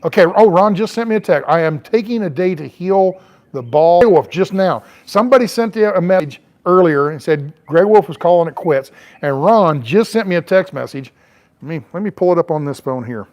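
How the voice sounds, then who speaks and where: A man's voice: high voice, a little fast, a little mellow. A middle-aged man, chatting loosely on his porch with lots of fillers and restarts. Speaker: travel vlogger. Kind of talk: rambling casual chat. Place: on a porch, outdoors.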